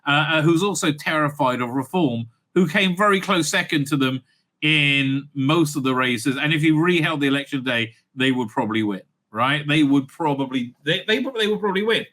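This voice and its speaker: Halting, sarcastic male commentator. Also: fairly high pitch, expressive, pushed and bright. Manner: halting, full of fillers and restarts; sarcastic and indignant. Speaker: host. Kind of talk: political commentary.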